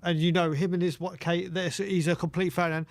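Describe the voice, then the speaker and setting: A man's voice: sits high, little pitch movement, brisk, no room sound. A man co-hosting a fan chat, casual and agreeable. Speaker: co-host.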